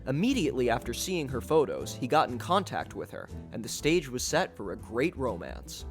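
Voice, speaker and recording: A man reads scripted podcast narration in a measured storytelling way. His pitch moves in a lively, animated way, with faint music underneath.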